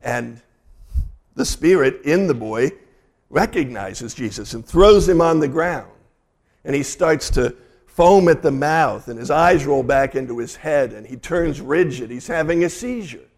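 A man, a pastor, delivering a sermon and retelling scripture in a lively storytelling way. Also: fairly high pitch, measured pace.

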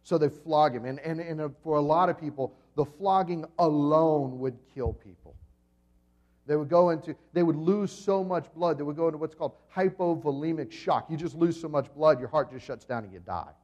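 A pastor preaching a sermon to his congregation, telling the story vividly, swinging between loud and soft, and asking the listeners questions. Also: a little high, moderate pace, dull audio. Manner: dramatic storytelling with swings in volume.

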